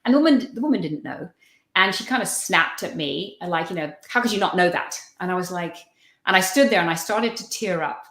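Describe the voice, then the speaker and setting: A woman's voice: on the low side, lively intonation, a little fast, fairly bright tone, echoey room. A woman guest on a live-stream video call, telling personal anecdotes in a chatty, storytelling way. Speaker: guest feng shui consultant.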